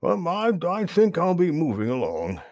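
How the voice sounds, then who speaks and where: A man voicing a grumpy, sleepy old male toad in a storybook reading, talking in a slow, cross, demanding way. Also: a little high, wildly swooping pitch, a little mellow, no room sound, studio quality, pitched above the performer's own voice. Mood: nervous.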